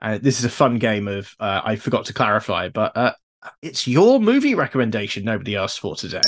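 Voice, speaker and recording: A man's voice: on the low side, very animated, a little fast, noisy background. A man co-hosting a podcast, telling stories with enthusiasm and a few hesitant restarts. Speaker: podcast co-host. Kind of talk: casual chat.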